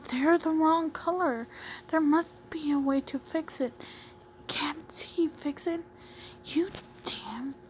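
Brief: a pleading, distressed comic character, as a woman reads it aloud, pitched a little high, with noisy home audio. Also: slow pace. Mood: upset. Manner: pleading, rising, insistent. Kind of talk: reading a comic aloud with voices.

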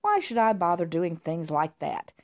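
A woman's voice: on the low side, very animated, moderate pace. A woman voicing a lazy, spoiled, snobbish male house cat who grunts and demands, in a read-aloud storybook. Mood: grumpy. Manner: grumpy, demanding, huffy.

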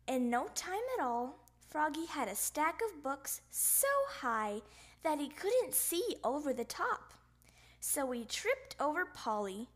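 A woman reads a children's storybook aloud at an unhurried pace. Her high voice rises and falls a great deal, and she plays up the sound effects in a playful way. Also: very animated. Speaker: storybook reader.

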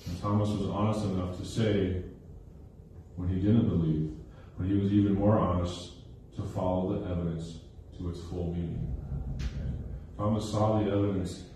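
A man with a low, warm, mellow voice preaches a sermon, pausing to ask "okay?" and "right?" and repeating lines for weight. He is heard from some distance in a very reverberant hall, with a faint hiss underneath. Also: steady tone. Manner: checks in with listeners with frequent "okay?" and "right?"; repeats phrases for emphasis. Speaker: pastor. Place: recreation center used for church service.

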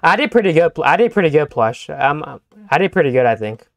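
A young man streaming a game live, talking to his teammates and chat in an excitable, stammering way that repeats itself. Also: on the high side, brisk, no echo, soft background music. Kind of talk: live gameplay commentary.

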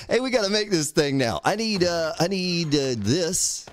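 A man's voice: a little high, very animated, a little slow, long pauses. A man casually commenting on his own gameplay on a live stream, talking to himself, swearing lightly, and thanking viewers by name. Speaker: game streamer.

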